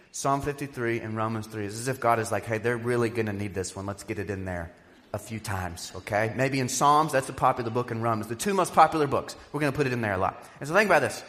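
A man's voice: medium pitch, a bit bright, long reverb tail. A man giving a sermon as a pastor, conversational, with playful asides.

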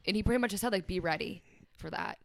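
In a quick, creaky, mid-range voice, a young woman on a podcast talks candidly and emotionally about her life. She leans heavily on "like" and often quotes what others said.

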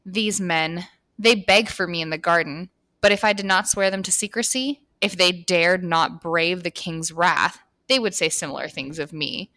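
A woman's voice: lowish voice, normal speed, sharp tone, no room sound. A woman voicing a seductive queen of ancient Sparta in an erotic story read aloud. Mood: teasing. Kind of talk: reading erotic fiction aloud.

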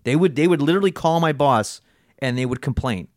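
A man in casual podcast chat, spinning an animated story and jumping into other people's voices to act them out. His voice sits a bit high, and he swears freely. The sound is dry and close, with no room echo. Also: a little fast.

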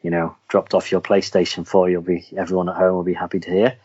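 A man with a very low voice talks casually as a podcast co-host, rambling along with an animated, chatty manner. The sound is somewhat dull and lo-fi. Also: quick pace, breathy edge. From Wales. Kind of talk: casual chat.

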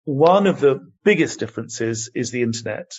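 A man's voice: medium pitch, lively intonation, slightly rough. Older man, passionate interview guest. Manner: passionate, emphatic, measured. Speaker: guest, human rights advocate. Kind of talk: interview answers, storytelling. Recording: dull lo-fi audio.

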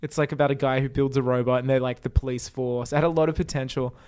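A man's voice: mid-range voice, level tone, fast talker, a little mellow, clean tone. Rambling, jokey man co-hosting a podcast. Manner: rambling, jokey, riffs on film trivia. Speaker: podcast co-host. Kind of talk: casual movie chat.

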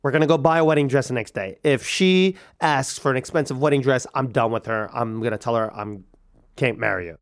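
Animated man telling his own story. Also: medium pitch. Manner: animated, halting, many restarts. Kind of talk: personal storytelling.

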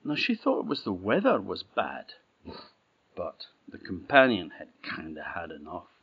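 A middle-aged man with an Orkney Scots accent telling a folktale in a relaxed, plain-spoken way. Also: sits low, a little slow, breathy edge. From Orkney, Scotland. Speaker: storyteller. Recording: dull, slightly muffled audio.

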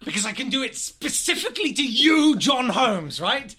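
A man's voice: very high-pitched, sing-song, normal speed, sharp tone, breathy edge. A man co-hosting a comedy podcast, telling jokey stories and mimicking people along the way. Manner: jokey storyteller, mimics people mid-story. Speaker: podcast co-host. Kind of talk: casual comedy chat.

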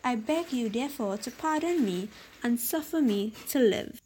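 A woman's voice: on the high side, lively intonation, normal speed, darkish tone, a little hiss or hum, close to an everyday voice. A woman voicing a frightened, pleading merchant. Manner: pleading, earnest.

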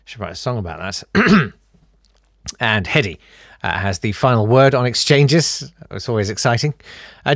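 A man's voice: medium pitch, animated, normal speed, a bit bright, no echo, clean studio sound. A man hosting a solo podcast, telling stories in a rambling, wry way. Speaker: podcast host. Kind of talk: casual solo podcast monologue.

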